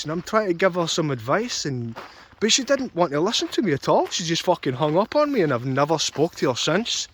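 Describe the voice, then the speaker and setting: Agitated man ranting. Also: a little high. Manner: agitated, repetitive, swearing. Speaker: vlogger. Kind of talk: angry personal rant.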